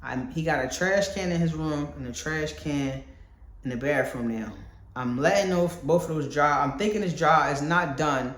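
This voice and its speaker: A man's voice: fairly high pitch, normal speed, a bit bright, a little hiss or hum. A man from talking casually in a vlog while painting at home, candid and rambling, swearing freely. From Philadelphia. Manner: loose and candid, swears freely, muses aloud with many fillers. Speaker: vlogger and visual artist. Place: indoors at home, painting a wall. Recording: echoey room.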